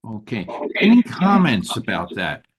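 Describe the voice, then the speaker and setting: A man leading a group Torah study who is slowly losing his voice, talking in a halting way with many fillers and restarts. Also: fairly low pitch, wildly swooping pitch, breathy edge. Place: synagogue study room.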